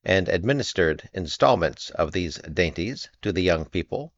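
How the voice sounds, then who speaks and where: A man narrating an audiobook with measured, expressive storytelling. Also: low voice, no echo, highs cut off. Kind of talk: audiobook reading.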